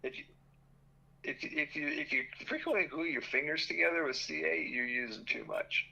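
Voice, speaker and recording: A man's voice: fairly high pitch, moderate pace, gravelly, sharp tone, muffled recording. A man co-hosting a casual chat, giving practical tips in a matter-of-fact way. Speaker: co-host.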